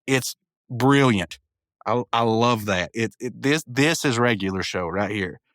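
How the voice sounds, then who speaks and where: A man hosting a podcast, eagerly retelling a cartoon episode with stammered restarts and quick character impressions. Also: mid-range voice, a bit bright, no room sound. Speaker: podcast host. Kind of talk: casual episode review.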